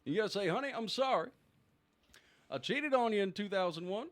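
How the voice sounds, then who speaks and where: A man doing a loose impression of a former male president giving a halting, giggling speech to the nation. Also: high-pitched, animated. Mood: mock solemn.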